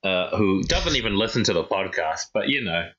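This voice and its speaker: Low voiced guy chatting on a podcast, kinda sharp tone, lots of likes and ums, bit muffled audio. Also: lively intonation, moderate pace. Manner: loose, hesitant, full of fillers. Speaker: podcast co-host. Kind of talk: casual chat.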